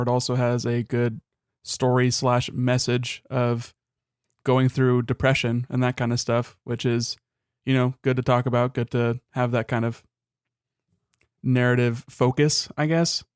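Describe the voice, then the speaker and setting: Wry young man with a smooth voice. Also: mid-range voice, little pitch movement, normal speed, dry recording. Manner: wry, dry jokes, thoughtful. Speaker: podcast co-host. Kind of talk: casual chat.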